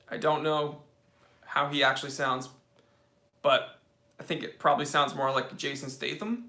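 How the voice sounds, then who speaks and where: A man's voice: a little high, pushed and bright, reverberant. An American man hosting a live Q&A stream, casual and joking as he reads viewer comments aloud. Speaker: host.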